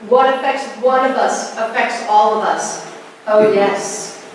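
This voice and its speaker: Speaking slowly and expressively in a mid-range voice, a middle-aged woman presents a spiritual talk to a live audience, voicing the people in her stories. The setting is a presentation hall, recorded from a distant mic with heavy echo and slight background noise.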